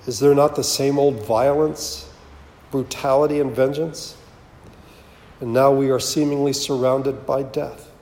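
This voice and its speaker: Man, pastor, solemn measured sermon, roomy echo. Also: mid-range voice, steady tone, mellow. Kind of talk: sermon with scripture reading. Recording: roomy with long reverb.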